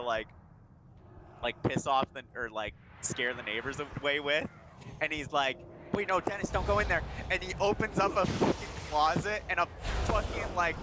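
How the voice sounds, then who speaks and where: Casual male streamer, a bit high-pitched, rambling and profane, loud clicks behind him. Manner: rambling, heavy swearing, laughing while retelling. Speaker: gaming streamer. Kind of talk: casual chat. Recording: loud background noise with clicks.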